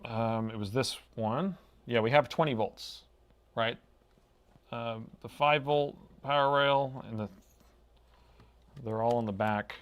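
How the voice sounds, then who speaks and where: A man's voice: medium pitch, takes it slowly, pauses often, smooth. A middle-aged man giving live, thinking-aloud commentary as he repairs a laptop, in a laid-back drawl that tacks "man" onto his sentences. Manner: thinking aloud while measuring.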